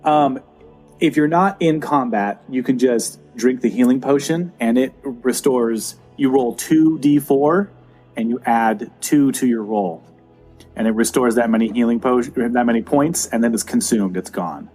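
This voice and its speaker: A man's voice: mid-range voice, a little slow, a little mellow, faint music behind. A man acting as dungeon master, patiently explaining the rules step by step. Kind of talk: running a tabletop game.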